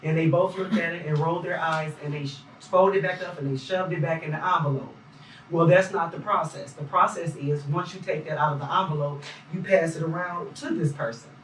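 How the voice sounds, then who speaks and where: A man's voice: on the high side, fairly even intonation, brisk, a bit bright, slight background noise. A man recounting what he observed as a poll challenger in an emphatic, detailed way, recorded in an echoey room from a distance. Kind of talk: interview testimony.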